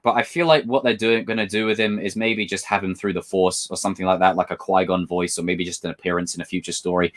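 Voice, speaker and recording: Excitable man chatting on a livestream. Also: medium pitch. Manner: excitable, reads chat aloud, swears. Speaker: livestream host. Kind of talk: casual livestream chat.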